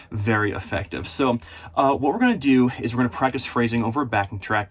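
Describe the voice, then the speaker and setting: A man teaching guitar in a casual, chatty and encouraging way, recording on the road in an RV. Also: medium pitch. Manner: chatty, encouraging, repeats himself. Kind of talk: casual video lesson.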